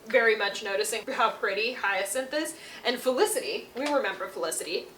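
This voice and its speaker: A young woman giving a playful, slangy, animated recap of a book series. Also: mid-range voice, brisk, echoey room, slight background noise. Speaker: book reviewer.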